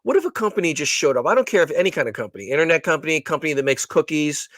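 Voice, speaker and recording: Ranting man co-host, fairly high voice. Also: animated, racing, fairly bright tone. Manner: ranting, profane, repeats words. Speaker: podcast co-host. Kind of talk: casual chat.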